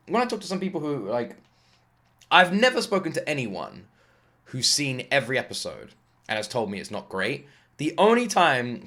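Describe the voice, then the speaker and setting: A man hosting an anime reaction video, talking in a rambling, excitable way, swearing freely and fighting off a lingering cough. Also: mid-range voice. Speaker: anime reaction channel host. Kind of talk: casual reaction commentary.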